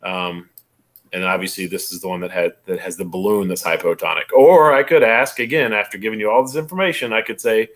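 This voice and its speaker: A man with a slightly low voice leads a relaxed exam review over a video call. He walks through each step and keeps checking that the listener follows. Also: fairly quick. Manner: conversational, explains step by step with frequent "right?" checks. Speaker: college biology instructor. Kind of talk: casual online exam review.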